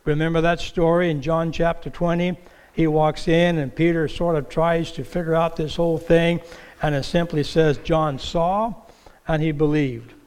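A man's voice: fairly high pitch, level tone, normal speed, darkish tone, clear, resonant tone, big-room sound. A man preaching an Easter sermon from a church stage, telling stories animatedly and acting out the voices in the quotes he tells. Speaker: pastor. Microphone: stage microphone with monitor.

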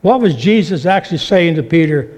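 Animated preacher man, dark voice. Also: on the high side, a little fast, dull audio. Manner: animated storytelling, acting out voices. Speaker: pastor. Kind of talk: sermon.

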